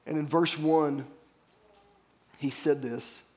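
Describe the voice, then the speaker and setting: A man's voice: on the high side, steady tone, slow, darkish tone. A man pastor preaching a sermon, earnest and storytelling, calling on the congregation to repeat phrases after him.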